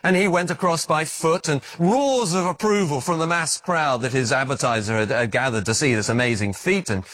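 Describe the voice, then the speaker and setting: A man preaching a sermon, telling stories with animated acted-out voices and frequent stammered restarts. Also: a little high, moderate pace. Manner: animated storytelling, acting out voices in his anecdotes; repeats words when restarting.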